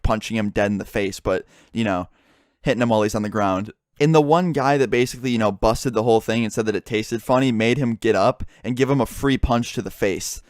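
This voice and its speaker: A young man rattles through a story at a quick clip, in a voice of middling pitch that sits close and dry on the mic. He swears freely and slips into the voices of his friends as he retells it. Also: dry recording. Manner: swearing, animated retelling with quoted dialogue. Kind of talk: casual storytelling.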